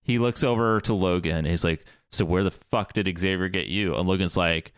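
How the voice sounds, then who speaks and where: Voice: low voice, moderate pace, smooth, no echo, clean studio sound. A podcast co-host recapping a film scene by scene in casual chat, acting out the characters' lines along the way. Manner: animated retelling with acted-out quotes.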